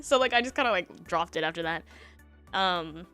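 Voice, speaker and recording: A woman's voice: mid-range voice, lively intonation, a little fast, a bit bright, soft background music. A young woman streamer telling a story in casual chat, rambling with lots of fillers and laughs between thoughts.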